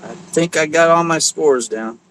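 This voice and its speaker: A man co-hosting a casual livestream, easygoing and hesitant with frequent pauses. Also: fairly high pitch, fairly bright tone, slight background noise, poor audio. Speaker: guest co-host.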